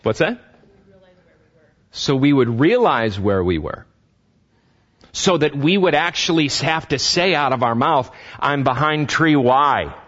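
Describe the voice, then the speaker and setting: A man's voice: on the high side, very animated, unhurried, long pauses, fairly bright tone, muffled recording. A man preaching a conversational sermon in church. He often stumbles over repeated words and throws questions to the congregation. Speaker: pastor.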